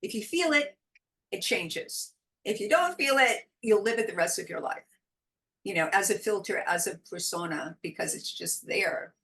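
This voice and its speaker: A woman talking as a guest in a relaxed interview, expressive and quick to laugh. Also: medium pitch. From California. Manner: expressive, animated, laughs often. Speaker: podcast guest, intuitive guide. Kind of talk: casual interview chat.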